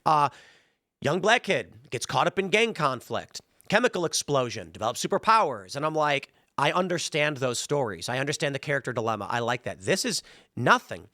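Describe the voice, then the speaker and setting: A man's voice: on the high side, big pitch swings, fairly quick, sharp tone, no room sound, clean studio sound. A man from Chicago hosting a show, giving an opinionated commentary monologue in an emphatic way and repeating words when fired up. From Chicago, United States. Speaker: show host.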